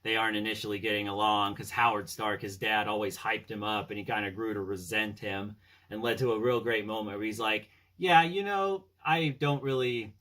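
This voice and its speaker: A man's voice: on the low side, flat delivery, a little fast, pushed and bright. A man casually chatting about his favorite films as a fan, rambling with fillers and retelling scenes. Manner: rambling, with many fillers and "he's all like" retellings. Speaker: fan film commentator. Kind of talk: casual fan movie discussion.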